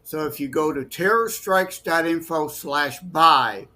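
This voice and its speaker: A man appearing as a guest author on a podcast, talking slowly and deliberately and spelling things out. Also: fairly high pitch, bright, forceful tone. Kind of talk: casual podcast interview.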